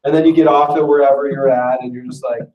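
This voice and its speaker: Joking man pitching in an echoey room. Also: steady tone, quick pace, muffled recording. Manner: chatty and self-deprecating, with frequent laughs. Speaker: business presenter at an info session. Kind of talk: casual, joking sales pitch to a live audience. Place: meeting room with a live audience. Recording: roomy echo, voice far from the mic.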